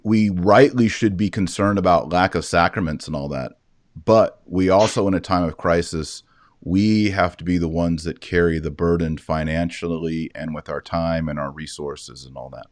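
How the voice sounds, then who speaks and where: A man's voice: low-pitched, no echo, studio quality. A man hosting a podcast interview, chiming in with brief affirmations. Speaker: host.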